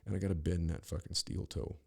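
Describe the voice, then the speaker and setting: A man's voice: deep voice, fairly even intonation, fairly quick, gravelly, darkish tone, husky. A man hosting a podcast, telling a rambling, profane story with frequent restarts. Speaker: podcast host. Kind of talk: casual storytelling monologue.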